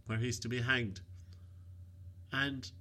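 A man voicing a scheming, boastful countryman in a raised, excited voice. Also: mid-range voice, slow pace.

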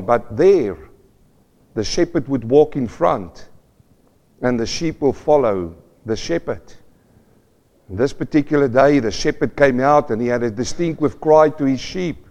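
A man preaches to his congregation, putting question after question to the people in the pews. His voice sits high for a man. The sound rings with the long reverb of a church hall. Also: darkish tone. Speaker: pastor. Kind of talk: sermon.

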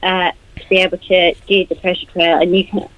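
A woman's voice: on the low side, level tone, fairly quick, no room sound, lo-fi sound. A young woman, a university student, explaining an event earnestly in a radio interview.

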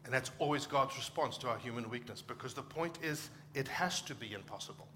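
Bright-voiced man preaching a lively sermon. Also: medium pitch, brisk, slight background noise. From Africa. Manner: animated, conversational preaching with quoted asides. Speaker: pastor.

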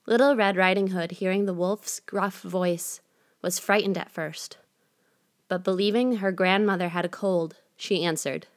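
A woman narrating a fairy tale in a measured, gently expressive storytelling manner. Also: fairly low pitch.

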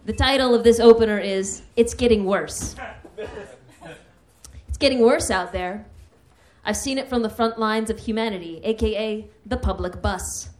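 A woman's voice: on the high side, normal speed, darkish tone, slight background noise. A woman hosting a live comedy night, reading her own humorous essay with a wry delivery that builds to mock outrage.

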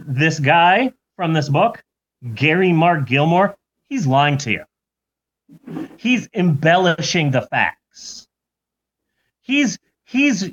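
A man's voice: on the high side, fairly bright tone. A man voicing a blunt, boastful adult male prison inmate. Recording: lo-fi recording.

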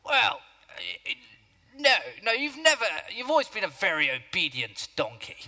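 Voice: medium pitch, huge pitch swings, normal speed, sharp tone, long reverb tail, full character voice. A man playing a flustered, grumpy old prophet in a church skit, whining and complaining melodramatically. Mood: sheepish.

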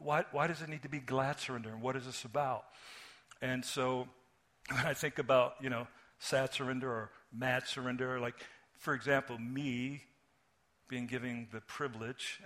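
A pastor preaching an earnest, candid sermon, his bright, forceful voice catching on restarts and repeated words. He is a man of middle pitch who speaks openly from the pulpit.

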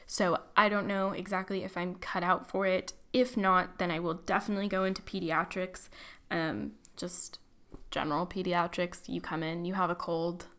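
A woman's voice: fairly low pitch, little pitch movement, normal speed, fairly bright tone. A young woman, a college student, chatting casually about her life, filling her talk with likes and you-knows and poking fun at her own flair for drama. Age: young adult. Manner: chatty, filler-heavy, self-deprecating, dramatic. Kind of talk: casual personal storytelling.

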